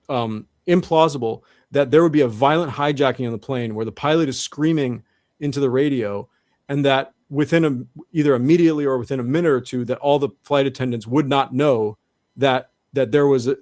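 A man's voice: mid-range voice, a little mellow, dry recording, clean studio sound. Earnest man explaining at length. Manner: earnest, restarts often, builds argument step by step. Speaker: guest. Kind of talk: conversational interview explanation.

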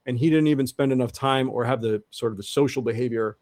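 Male guest, earnest and halting, middle pitch, dry recording. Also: a little mellow, dry recording. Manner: earnest, repeats and restarts often. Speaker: guest researcher. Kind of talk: interview monologue.

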